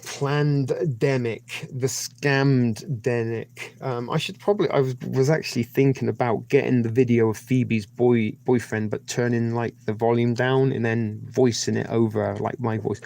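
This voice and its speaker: A man's voice: mid-range voice, fairly even intonation, a little slow, creaky, hardly any pauses, darkish tone, dry recording. A man hosting a livestream, rambling casually with many hesitations. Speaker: livestream host.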